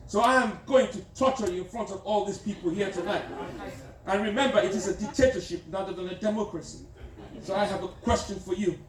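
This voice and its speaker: A man's voice: sits high, a little fast, close to an everyday voice. A man performing live stand-up as a pompous, crude, self-styled dictator president, teasing the audience in a large theater. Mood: boastful. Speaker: stand-up comedian. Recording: echoey theater from a distant mic, loud crowd.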